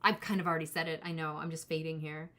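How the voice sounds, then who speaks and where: A woman's voice: sits low, fairly even intonation, fast talker, a bit bright. Rambling woman in her forties reading tarot. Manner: rambling, self-interrupting, talks to chat viewers. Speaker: tarot reader. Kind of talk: casual live-stream tarot reading.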